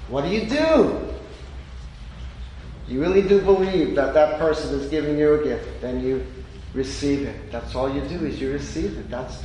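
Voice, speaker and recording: Male preacher, high register, deliberate emphatic sermon delivery, very echoey hall, faint hiss. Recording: echoey hall with long reverb.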